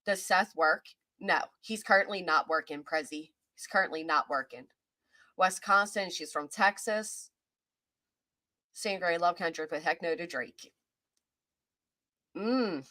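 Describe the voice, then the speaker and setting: A woman's voice: on the low side, measured pace, pauses often, bright, forceful tone, no echo, studio quality. A woman with a Kentucky accent hosting a casual live-stream chat, reading out and greeting viewers by name as she talks.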